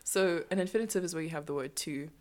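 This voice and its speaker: Young woman co-host, casual chat, quick to giggle between thoughts. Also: low voice. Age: young adult. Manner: giggly, laughs often. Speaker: podcast co-host.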